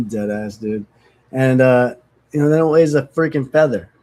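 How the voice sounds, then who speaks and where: A man's voice: mid-range voice, steady tone, slow, darkish tone. A man talking candidly and casually about recovery, frank and profane, rambling and self-mocking, sniffly from opiate withdrawal. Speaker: recovery vlogger. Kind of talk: casual candid talk to camera.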